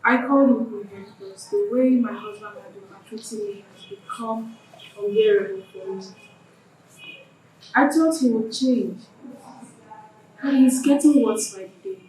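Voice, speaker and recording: Casting: actress playing a complaining Nigerian wife, higher voice, echoey room from afar. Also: female voice, normal speed, pauses often, darkish tone, lightly acted. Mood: aggrieved. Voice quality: pleading, accusing. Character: aggrieved wife complaining to elders. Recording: echoey room, distant mic, faint noise.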